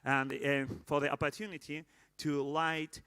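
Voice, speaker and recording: A man's voice: fairly high pitch, little pitch movement, bright, forceful tone, clean tone, dry recording. Israeli man leading a prayer. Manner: halting with many fillers, joking asides to the crowd. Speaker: leader of a candle-lighting prayer. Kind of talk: prayer and remarks at a live celebration.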